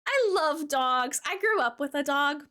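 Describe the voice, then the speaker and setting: A woman streaming a cozy game, chatting in a bubbly, giggly way and gushing warmly at her chat, with lots of "like" fillers. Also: high-pitched, lively intonation, a little slow. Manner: warm toward chat, gushing. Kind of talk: casual live-stream chat while gaming.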